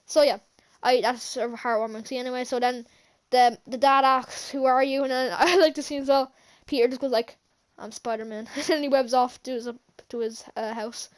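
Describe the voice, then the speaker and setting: A woman with a high-pitched voice talks through a movie scene by scene in a loose, casual vlog. She hesitates often, restarts her sentences and fills gaps with little words. She keeps chuckling to herself as she goes. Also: steady tone, normal speed, few pauses. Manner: rambling, hesitant, many fillers and restarts. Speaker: channel host, film reviewer.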